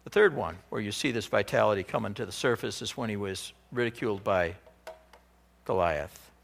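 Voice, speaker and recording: A male pastor preaching a sermon in an animated, conversational way. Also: fairly low pitch, normal speed, creaky.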